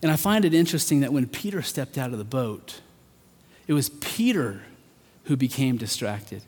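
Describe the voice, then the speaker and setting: A man preaching a sermon, earnest, rising to emphatic peaks and then dropping soft. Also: mid-range voice, lively intonation, moderate pace, slightly rough. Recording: long hall reverb.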